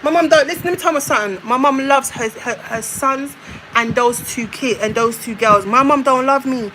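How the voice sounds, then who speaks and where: A woman launches a heated, repetitive rant aimed straight at her mother. Her voice sits high, and a faint hiss of background noise runs under her words. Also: normal speed, sharp tone, rough recording. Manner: confrontational, repetitive, addresses her mother directly. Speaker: vlogger. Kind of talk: emotional rant to viewers.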